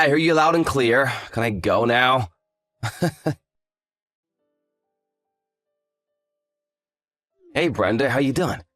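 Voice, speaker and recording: A man's voice: medium pitch, fairly bright tone, dry recording, natural voice. A man voicing an arrogant, hungover young fiancé who talks in a lazy, condescending, sarcastic way. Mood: casual. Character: arrogant hungover male fiancé, dismissive and smug. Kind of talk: scripted story drama.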